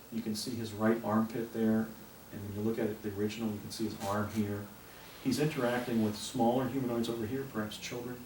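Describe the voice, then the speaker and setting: Low-voiced man lecturing in an echoey hotel room. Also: a little mellow. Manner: rambling, detailed storytelling. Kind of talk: public lecture. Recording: roomy hall from far off, faint hiss.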